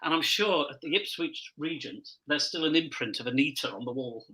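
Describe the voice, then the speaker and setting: A man's voice: a little high, fairly quick, crowd noise, low-quality recording. A man who performs as a pantomime dame, telling rambling backstage anecdotes in casual chat and admitting he talks too much.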